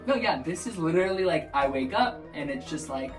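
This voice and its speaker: A man's voice: a little high, fairly quick, hardly any pauses. Young guy rambling in the shower, goofy and laughing at himself, bit of music behind. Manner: animated, giggly and self-mocking. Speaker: vlog host. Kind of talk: rambling stream-of-consciousness chat. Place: in the shower at home.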